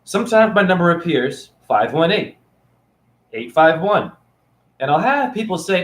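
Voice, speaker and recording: A man's voice: sits high, big pitch swings, unhurried, long pauses, roomy sound. Man preaching playfully into his phone. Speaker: spiritual teacher. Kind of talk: casual teaching monologue to camera. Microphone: phone camera.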